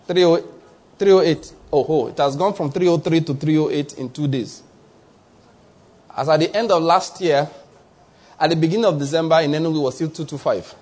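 A Nigerian man preaching a sermon as pastor, lively and conversational, acting out small voices and often checking that the listener follows. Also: fairly high pitch, moderate pace, pauses often.

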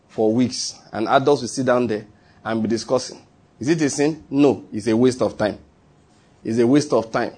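A man's voice: mid-range voice, a little mellow. A middle-aged male pastor preaching a sermon, emphatic and repeating his key phrases.

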